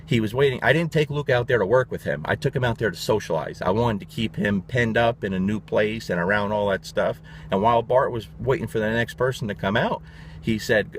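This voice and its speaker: A middle-aged man with a lowish voice tells a story in a loose, animated way. He talks bluntly and swears now and then. A faint hum sits under the recording. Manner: animated, blunt and profane, quick restarts. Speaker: dog trainer. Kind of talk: casual storytelling.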